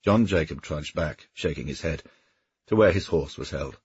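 A man narrating an audiobook in steady storytelling, with a husky voice. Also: very deep voice, normal speed, dry recording, muffled recording. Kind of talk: scripted narration.

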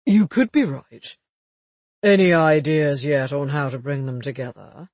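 A husky, slightly raised voice belongs to a shrewd police detective, read by a man. He talks in a measured, matter-of-fact way with a dry, wry humour, recorded close with no room sound. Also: on the high side, a little mellow, no room sound. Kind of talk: audiobook dialogue reading.

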